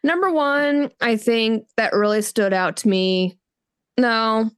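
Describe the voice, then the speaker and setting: Her clean voice sits on the high side, and she takes her time. As a book podcast co-host, she chats casually, gushing animatedly and voicing scenes in little character voices.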